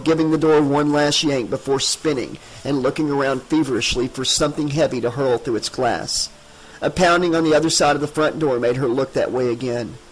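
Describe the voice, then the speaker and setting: A man narrating a horror audiobook in a steady, dramatic reading. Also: mid-range voice, low-quality recording.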